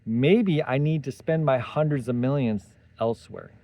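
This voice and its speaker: A man's voice: mid-range voice, normal speed, dry recording, highs cut off. A man hosting a solo tech commentary, talking animatedly with sarcastic asides and tangents. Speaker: tech commentary channel host.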